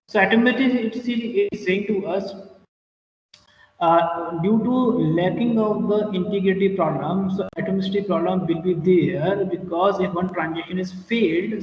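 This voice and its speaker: A man lectures a class, repeating himself and filling pauses as he works through each point. His voice sits high. He is recorded from a distance in an echoey classroom, with a long reverb tail. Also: slight background noise. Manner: explains slowly with repetitions and fillers. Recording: echoey room, distant mic, muffled.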